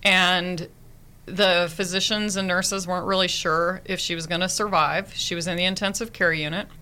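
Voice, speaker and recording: Bright-voiced woman nurse telling stories. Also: lowish voice, fairly even intonation, normal speed, clean tone. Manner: earnest, vivid storyteller. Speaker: nurse and therapy dog handler. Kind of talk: storytelling in a radio interview.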